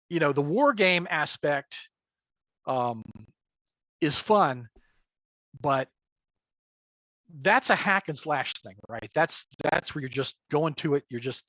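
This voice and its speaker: This is a middle-aged man chatting casually on a livestream, pitched a little high. He rambles, restarts, and laughs often. The audio is dull and lo-fi, with a dry, close sound. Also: a bit bright, no echo. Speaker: guest, game master and crafter.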